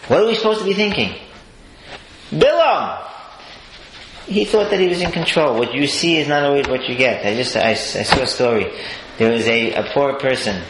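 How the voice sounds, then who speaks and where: A man delivers a Torah talk in a bright, lively voice, jumping high and dropping low as he tells his story. The room is echoey a faint hiss behind him. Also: moderate pace, pauses often. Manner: animated storyteller, swings between high exclaims and low murmurs. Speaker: rabbi giving a Torah talk. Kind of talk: sermon.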